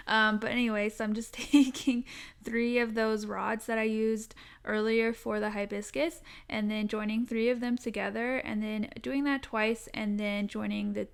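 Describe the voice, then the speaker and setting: Chatty young woman with a gravelly voice. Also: a little high, little pitch movement, moderate pace. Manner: chatty, self-deprecating, with fillers and laughs. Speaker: craft tutorial host. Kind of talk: casual voice-over tutorial.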